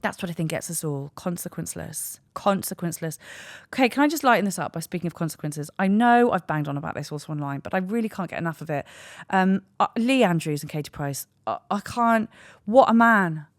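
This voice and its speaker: A young woman hosting a solo podcast, ranting in a sweary, animated way. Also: fairly low pitch, fast talker, no echo. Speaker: podcast host.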